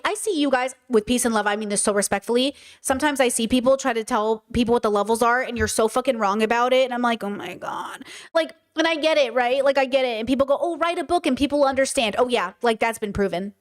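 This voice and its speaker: A young adult woman hosting a podcast, talking in an animated, casual monologue that swears freely and mimics people in quick asides. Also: a little high. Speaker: podcast host.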